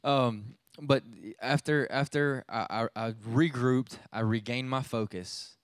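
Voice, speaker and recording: A man in his thirties gives a sermon as a youth pastor, drifting into relaxed storytelling and often restarting his sentences. His voice is smooth and clear, sitting at an ordinary pitch for a man. It is recorded dry and close, with no room sound. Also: slow pace, no echo. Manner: conversational storytelling, frequent restarts.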